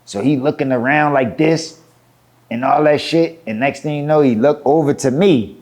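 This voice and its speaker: A guest rapper tells a story in a sit-down interview, and his speaking voice sits a little above the usual male range. He talks fast and loose. He packs in fillers and profanity as he goes. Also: on the high side, darkish tone. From Philadelphia.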